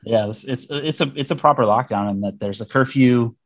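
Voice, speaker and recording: A man's voice: medium pitch, brisk, dry recording, highs cut off. A man from Missouri, a diplomat, chatting casually as an interview guest, rambling with many fillers and restarts. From Missouri, United States.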